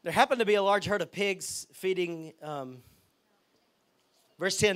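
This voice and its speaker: A man preaching a lively sermon as pastor, often checking in with the congregation. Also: high voice, unhurried, pauses often. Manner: lively, chatty, asks the crowd okay and right.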